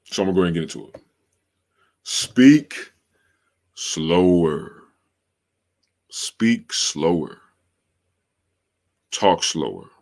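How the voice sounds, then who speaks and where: Man, low deep voice, podcast host, casual livestream talk, slangy, repeats himself. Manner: slangy, drawn-out, repeats phrases for emphasis.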